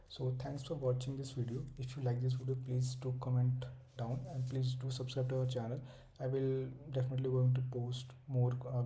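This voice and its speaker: A man's voice: mid-range voice, dark tone, slight background noise, poor audio. A young man hosting a coding tutorial, walking through a solution step by step in loose, non-native English phrasing with many fillers. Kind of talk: screen-recorded coding walkthrough.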